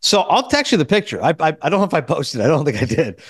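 A middle-aged man hosting a podcast, telling a story in casual chat and quoting people in quick back-and-forth. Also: on the high side, slightly rough, dry recording, clean studio sound. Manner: animated, quotes others in quick back-and-forth. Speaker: podcast host.

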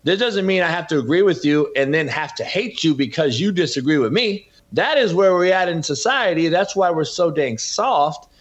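A man's voice: on the high side, lively intonation, moderate pace, hardly any pauses, lo-fi sound. A man, a podcast host and former coach, talking as a guest in a heated, emphatic and preachy way. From California. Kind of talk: heated interview talk.

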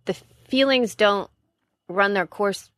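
A woman's voice: mid-range voice, takes it slowly, a bit bright, dry recording, studio quality. A woman in casual chat, talking candidly and rambling, often correcting herself mid-sentence.

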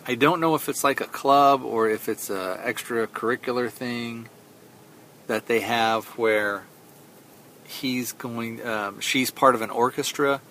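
A man's voice: mid-range voice, measured pace, sharp tone, slight background noise. A man hosting a podcast, casually retelling a film's plot in a rambling way, with many fillers and quoted lines. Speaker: podcast host. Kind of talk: casual film review recap.

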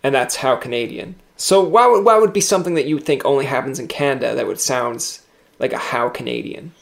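A man's voice: mid-range voice, brisk, creaky. Chatty man hosting an interview. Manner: animated storyteller, acts out quoted voices. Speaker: interview host. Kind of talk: casual interview chat.

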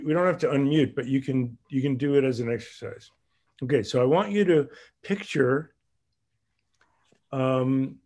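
A man leading a group exercise over a video call, talking in an animated way and acting out little voices with big jumps in pitch. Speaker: group leader.

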